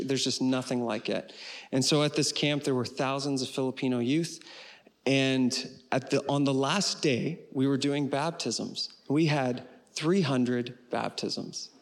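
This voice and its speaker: A man pastor preaching a sermon in an earnest way, slowing down on key phrases and closing with a prayer. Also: mid-range voice. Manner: earnest, slows for emphasis and ends with prayer.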